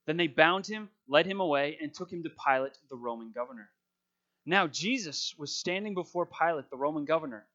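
Muffled higher-voiced male preacher. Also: normal speed, pushed and bright. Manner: dramatic scripture reading, then conversational preaching with fillers. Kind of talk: sermon with scripture reading.

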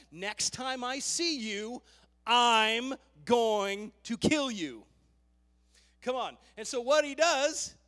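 A man preaching a sermon, fervent and emphatic, with loud rising bursts as he tells the story. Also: sits high. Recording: long hall reverb.

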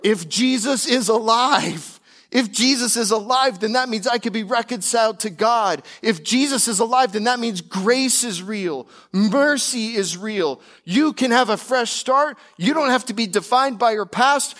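A male pastor preaching a sermon, emphatic, with casual, conversational asides between declarations he slows down and lifts. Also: a bit bright, a faint crowd. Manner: slows and climbs in pitch on key declarations.

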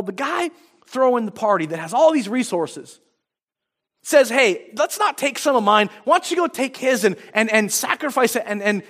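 A man's voice: very high-pitched, a bit bright. A male pastor preaching a sermon, retelling a story and acting out the quoted lines, often restarting his phrases.

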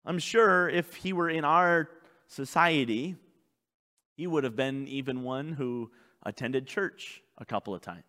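A man preaching a sermon as pastor, swinging between loud urgent calls and hushed intense passages. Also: medium pitch, unhurried, in a large hall.

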